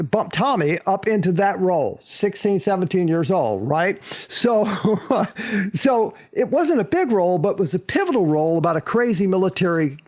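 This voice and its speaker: An older man and former actor, a guest on the show, telling animated show-business stories and acting out the quotes. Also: sits high. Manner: animated, acts out quotes, laughs often. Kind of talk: anecdotal storytelling.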